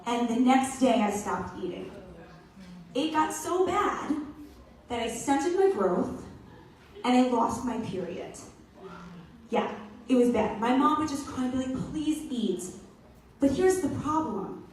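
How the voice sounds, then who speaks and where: A young woman tells a personal story to an audience, her voice high and swinging widely as she acts out the quotes. She sounds a little distant from the mic, and the hall around her rings with strong echo. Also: unhurried, pauses often. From New York. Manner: animated, acts out quotes in voices, laughs often. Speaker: speaker giving a personal talk. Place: event hall.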